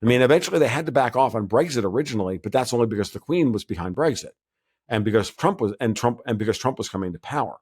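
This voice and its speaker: A man's voice: mid-range voice, lively intonation, quick pace, darkish tone, breathy edge. Guy rambling bluntly in a podcast interview, keeps restarting sentences. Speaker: guest commentator.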